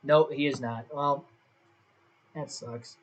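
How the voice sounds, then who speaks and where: A man's voice: medium pitch, steady tone, slow, slight background noise. A young man casually commentating his own livestream, thinking aloud and second-guessing himself as he talks to his viewers. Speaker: gaming livestreamer.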